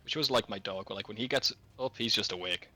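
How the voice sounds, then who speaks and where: A man's voice: on the low side, quick pace, sharp tone. A man, teasing his friend in casual banter and often calling him dude or man. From England. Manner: teasing, jokey, says dude and man a lot.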